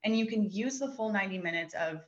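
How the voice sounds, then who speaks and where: A woman's voice: medium pitch, animated, fast talker, highs cut off. A woman guest on a podcast, a coach talking casually with an affirming, enthusiastic manner.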